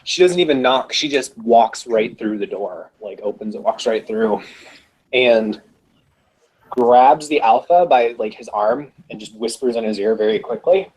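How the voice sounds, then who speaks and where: A man serving as game master for an online tabletop game. His voice is husky and he narrates casually, often pausing on small fillers. He lays out the action in plain, everyday speech. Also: medium pitch, expressive, darkish tone, rough recording.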